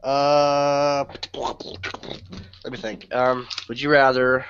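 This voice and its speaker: A man's voice: medium pitch, level tone, slow, fairly bright tone. A young man co-hosting a podcast in casual chat, swearing and joking and laughing often. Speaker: podcast co-host. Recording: muffled lo-fi mic with faint hiss.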